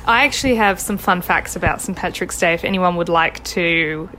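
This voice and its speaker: A woman's voice: on the low side, moderate pace, bright, forceful tone, a little hiss or hum, rough recording. A young Australian woman co-hosting a podcast from home, chatting casually in a bubbly way with lots of "like". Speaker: podcast co-host. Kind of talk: casual chat.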